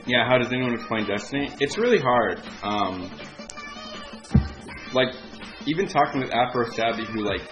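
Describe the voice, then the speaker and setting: A man's voice: medium pitch, expressive, normal speed, pauses often. A young man telling a casual story, rambling with lots of filler words and frequent swearing. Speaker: vlogger. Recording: dull lo-fi recording with music behind.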